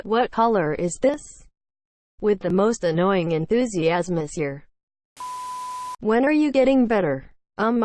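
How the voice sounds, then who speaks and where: A woman's voice: medium pitch, a little hiss or hum. A woman reading forum posts aloud in a dry, matter-of-fact scripted narration.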